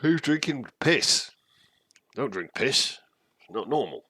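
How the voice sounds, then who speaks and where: A man voicing a gruff, blunt adventurer with a put-on accent during a tabletop game. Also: medium pitch, sing-song, slow pace, sharp tone, no echo, pitched above the performer's own voice, exaggerated voice. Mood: scolding. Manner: blunt, scolding, swearing.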